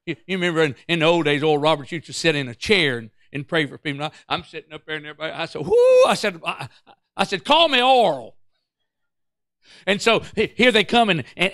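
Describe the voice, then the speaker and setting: A male pastor, telling a story in an excitable, stammering sermon that breaks into song. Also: a little high, no room sound, studio quality.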